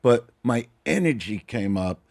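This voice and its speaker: A man as a podcast guest, telling a story casually and animatedly, often trailing off into low mutters. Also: animated, a little slow, vocal fry.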